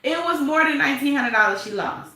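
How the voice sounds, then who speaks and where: A woman hosts a live stream, reading out the chat and gossiping with sass and frequent laughter. Her voice sits a little high and sounds bright and sharp. The room around her is echoey. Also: lively intonation, a little fast. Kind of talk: casual live chat commentary.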